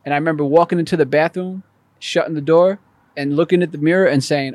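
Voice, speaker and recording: A man's voice: on the high side, quick pace, dry recording. A man guest on a podcast, telling a personal story in conversation and acting out the voices in it. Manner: animated, acts out voices in his story.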